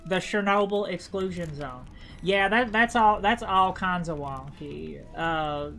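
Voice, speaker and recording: A woman's voice: lowish voice, measured pace, fairly bright tone, faint music behind. A woman with an Appalachian accent from Appalachia, chatting casually on a livestream as a game streamer and rambling with stammered restarts and repeated words.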